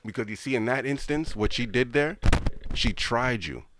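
A man's voice: medium pitch, expressive, normal speed, background noise. A man giving blunt, slangy advice in a casual chat, lecturing his friend.

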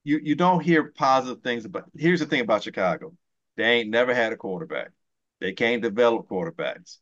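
A man's voice: medium pitch, expressive, a little fast, a bit bright, highs cut off. A man co-hosting a podcast, talking football in a heated, ranting way and swearing often. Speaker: podcast co-host. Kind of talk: casual sports talk.

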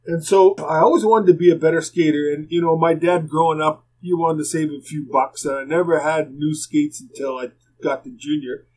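A man's voice: fairly high pitch, steady tone, normal speed, hardly any pauses, darkish tone, low-quality recording. An older man, a former hockey player rambling through plainspoken anecdotes as a podcast guest. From Canada. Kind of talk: casual storytelling.

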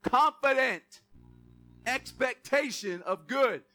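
A man's voice: very high-pitched, lively intonation, takes it slowly, sharp tone, soft background music. A man preaching a sermon, calling on the congregation to repeat words and punching key words for emphasis. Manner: call-and-response preaching with asides and jokes. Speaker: pastor.

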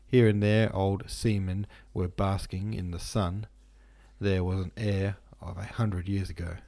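A male podcast host calmly narrating a classic novel as an audiobook reading. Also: deep voice, measured pace, vocal fry.

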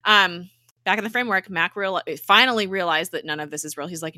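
Woman podcast co-host, bright, dry close sound, lively scene recaps. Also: fairly low pitch, fairly quick, no room sound. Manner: animated retelling, acts out characters' lines. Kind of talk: casual TV recap chat.

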